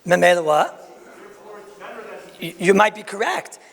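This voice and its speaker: Animated rabbi with a gravelly, high voice. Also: male voice, a little slow, in a large hall. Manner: animated, folksy, with asides and rhetorical questions. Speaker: rabbi giving a Talmud lecture. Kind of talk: lecture to a crowd.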